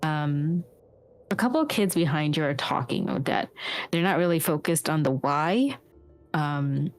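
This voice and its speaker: A woman narrating a tabletop game as game master, rambling and hesitant with many fillers. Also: sits low.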